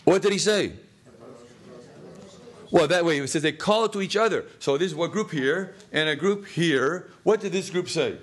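Male teacher, slightly raised pitch, quizzing a class, wry asides, classroom lecture. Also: moderate pace. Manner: questioning, answers his own questions; jokey, chuckles at his own lines. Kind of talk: classroom text study lecture. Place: classroom with students.

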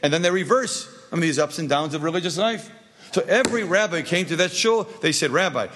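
A man's voice: fairly high pitch, a bit bright, slightly rough. A man teaching a class, telling anecdotal stories with jokes and asking the audience rhetorical questions. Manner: jokey, anecdotal. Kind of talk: storytelling lesson.

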